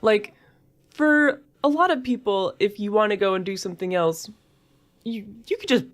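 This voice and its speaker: A woman co-hosting a casual podcast chat, animated and chatty, peppering her talk with "like" and the odd swear. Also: medium pitch, normal speed. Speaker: podcast co-host.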